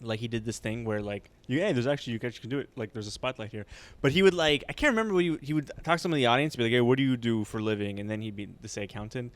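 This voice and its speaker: A man's voice: mid-range voice, very fast, no room sound. A young man co-hosting a comedy podcast, making jokes and laughing often as he tells stories. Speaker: podcast co-host. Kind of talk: casual comedy podcast chat.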